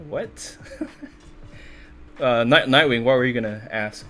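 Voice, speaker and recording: A man's voice: medium pitch, slow pace, pushed and bright, soft background music. A man hosting a live stream, chatting casually with his moderators. He laughs often and restarts his words. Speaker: streamer host.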